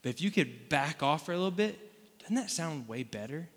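Speaking on the high side with lively intonation and a fairly quick pace, a male pastor from Florida preaches informally, peppering his sermon with asides and rhetorical questions for the room. A long hall reverb fills the church space.

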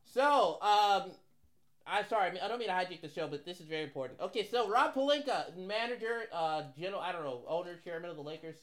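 A man co-hosting a comedic podcast in a casual chat, excitable and prone to loud exclamations. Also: high voice, fast, roomy sound. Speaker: podcast co-host.

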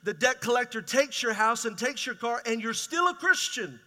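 A middle-aged man preaching in a big hall, his bright, high voice carrying a long reverb. He talks raw and plainly, tossing rhetorical questions to the congregation. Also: sing-song, moderate pace. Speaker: pastor. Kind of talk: sermon.

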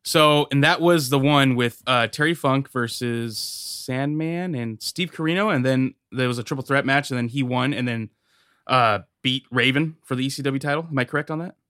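A man's voice: medium pitch, normal speed, a bit bright, dry recording, studio quality. A man co-hosting a casual podcast chat, joking crudely and rattling off details. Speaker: podcast co-host.

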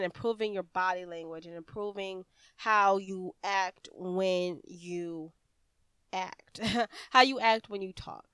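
An American woman hosts a podcast and rambles through voiceover tips in a chatty, casual way, restarting her sentences often. Her voice is smooth and clear at a middle pitch. The recording is dry, with no room echo. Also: a bit bright. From United States. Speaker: podcast host. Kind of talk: casual instructional podcast talk.

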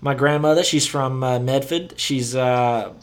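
Man, podcast host, casual chat, rambling, restarts a lot, swears, middle pitch. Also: unhurried.

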